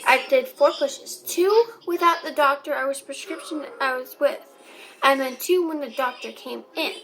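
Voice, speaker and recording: A woman's voice: high-pitched, moderate pace, soft background music, low-quality recording. A young woman vlogger telling a personal story, talking straight to her viewers in a chatty way. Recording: clear steady background noise.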